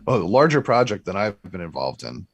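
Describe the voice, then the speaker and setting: A man's voice: low-pitched, big pitch swings, a little fast, creaky. A young man co-hosting a podcast, easygoing and chatty. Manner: easygoing, chatty, laughs often. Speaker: podcast co-host. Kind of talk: casual podcast chat.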